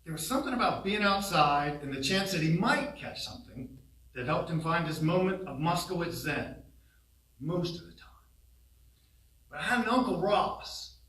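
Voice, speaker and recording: A man telling humorous family stories in a eulogy at a funeral home, animated and laughing along, recorded from a distance. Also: on the high side, moderate pace. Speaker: son giving a eulogy. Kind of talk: humorous memorial storytelling. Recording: roomy, distant hall sound.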